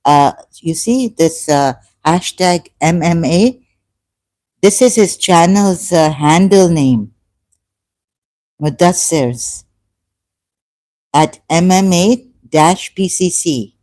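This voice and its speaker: A woman streamer talks through her chat, scolding and complaining in a halting way, full of "uh" and "um". Her voice sits a little low and has a mellow, warm tone. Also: expressive. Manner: halting, many fillers, indignant. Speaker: YouTuber. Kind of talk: live-stream commentary reading chat.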